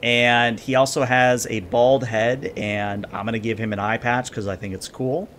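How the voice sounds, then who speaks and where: Relaxed male game master, filler-heavy delivery, faint low rumble. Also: normal speed. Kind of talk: narrating a tabletop game.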